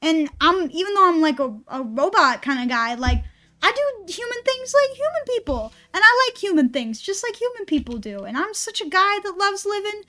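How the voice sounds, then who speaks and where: A woman's voice: very high voice, very animated, normal speed, pushed and bright, full character voice. Woman doing a chipper robot guy. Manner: overly chipper, sing-song. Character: cheerful robot guy who loves being alive.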